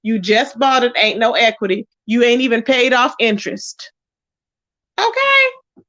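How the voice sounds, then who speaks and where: Sassy high-voiced woman gossip host. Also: very animated, unhurried, a bit bright, dry recording, dull audio. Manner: sassy and blunt, scolding, frequent "child, okay?"; greets viewers by name mid-rant. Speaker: YouTube commentary host. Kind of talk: casual gossip commentary livestream.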